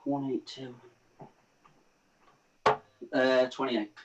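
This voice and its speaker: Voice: mid-range voice, flat delivery, drawn-out words. Player muttering darts scores from far off, muffled and hissy.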